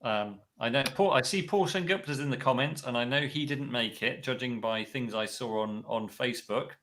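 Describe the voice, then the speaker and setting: Man, co-host, casual chat, halting with fillers, video call. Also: mid-range voice, a bit bright, a little hiss or hum.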